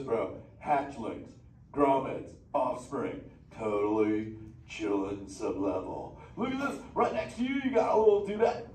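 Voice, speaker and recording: Chill surfer turtle, playful slang, loud audience noise around him. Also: male voice, very high-pitched, full character voice. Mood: stoked. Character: laid-back surfer sea turtle dude, male. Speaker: live show character chatting with audience. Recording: echoey theater from far off, loud audience noise.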